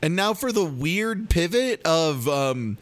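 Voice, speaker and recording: A male podcast co-host talks through a TV episode in loose, casual chat. His delivery is animated and sarcastic, with plenty of swearing. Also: fairly high pitch, slow pace.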